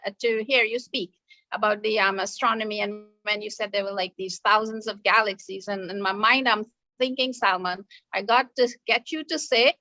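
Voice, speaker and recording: A woman hosting an interview, effusive and quick to laugh as she talks with her guest. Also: mid-range voice, steady tone, no room sound. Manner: warm, effusive, laughing often. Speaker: host. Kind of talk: conversational interview.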